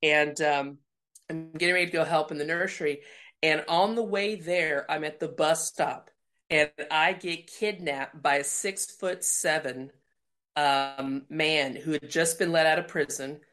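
A middle-aged woman from Colorado, speaking a little slowly in a low voice, shares a personal faith story as a guest. She tells it with energy, acting out the voices of the people she quotes.

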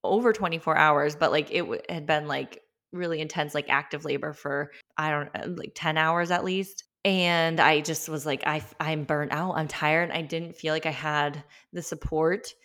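A woman's voice: sits low, fairly even intonation, moderate pace, few pauses, a bit bright. A young woman telling her birth stories in a candid, chatty way, with many filler words and open emotion. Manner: emotional, openly honest. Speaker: podcast host. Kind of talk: candid personal storytelling.

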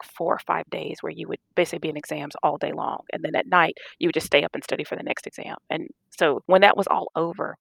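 A middle-aged woman doctor casually recounting stories in an interview, animated and laughing as she acts out dialogue. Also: low-pitched, creaky, no echo. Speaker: guest, physician.

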